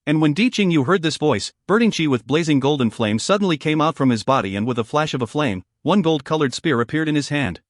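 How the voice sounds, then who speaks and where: A man narrating a fantasy audiobook in a steady storytelling way, recorded on a close mic in a studio. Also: fairly high pitch, fast talker, hardly any pauses, no room sound.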